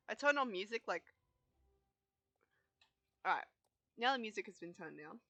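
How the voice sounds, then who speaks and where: A woman's voice: mid-range voice, expressive, moderate pace, long pauses, a bit bright, no echo. A young woman gaming YouTuber giving emotional, reactive commentary while she plays. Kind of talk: game commentary.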